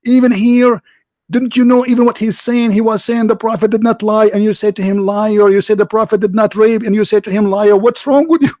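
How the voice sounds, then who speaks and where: Man putting on an indignant, scolding chat admin, pitched up high, dry. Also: steady tone, fairly quick, dark tone, no echo, lightly acted. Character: exasperated male chat room admin scolding members.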